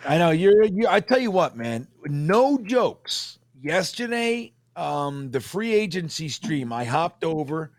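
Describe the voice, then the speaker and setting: A man's voice: fairly high pitch, sing-song, slow pace, hardly any pauses, dry recording. A man co-hosting a live sports fan stream, chatting in a teasing, laid-back way. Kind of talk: casual chat.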